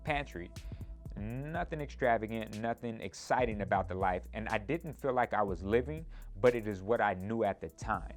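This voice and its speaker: A man in his twenties with a fairly low voice recounts his own story with animated energy. He keeps checking in with the listener and rushes ahead whenever he acts out a scene, and a faint bed of music plays beneath him. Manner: animated, speeds up in retellings, tag questions. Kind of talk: personal storytelling.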